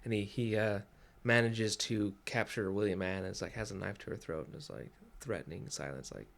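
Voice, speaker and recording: A man co-hosting a podcast who chats casually about a book, chiming in with quick asides and hedges. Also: lowish voice, steady tone, creaky, fairly bright tone. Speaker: podcast co-host.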